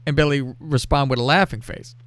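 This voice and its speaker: A man hosting a casual show, telling a crude story in a lively, profane way and reading out text messages. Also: on the high side, brisk, dry recording. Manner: animated, profane, reads out texts with laughter. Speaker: podcast host.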